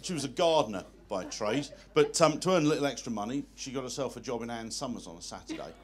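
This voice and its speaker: A man's voice: medium pitch, expressive, quick pace. A man performing a live stand-up comedy set in a hotel function room, telling self-deprecating one-liners.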